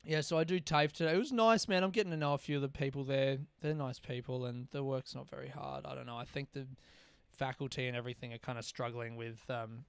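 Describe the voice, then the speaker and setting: A man's voice: medium pitch, fairly even intonation, fast talker, creaky, clear, resonant tone, dry recording. A young man, rambling through a casual solo podcast with plenty of swearing and self-deprecating asides. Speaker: podcast host.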